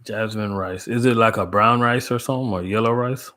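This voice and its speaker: A man's voice: lowish voice, fairly quick, sharp tone. A man from Jamaica hosting a casual livestream, chatting in laid-back slang, greeting viewers by name and laughing often. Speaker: livestream host. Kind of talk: casual live chat with viewers.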